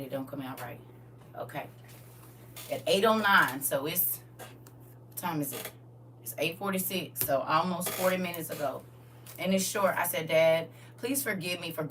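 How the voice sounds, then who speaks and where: A woman with a low, bright and forceful voice speaks frankly and casually to her live-stream viewers. She sounds a little far from the phone mic, with a faint hum behind her. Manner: candid, talks directly to her audience.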